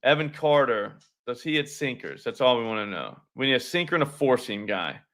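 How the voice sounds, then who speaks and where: Male stream host, bright voice, casual and salty, banters with the chat. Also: mid-range voice, big pitch swings, a little fast. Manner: loose, profane, talks to chat viewers. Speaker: sports betting show host.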